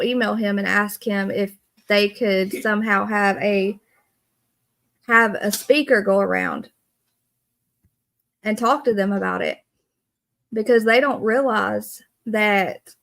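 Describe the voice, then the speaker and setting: A woman's voice: mid-range voice, gravelly. A woman, hosting a casual live stream and earnestly greeting viewers by name. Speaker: livestream host.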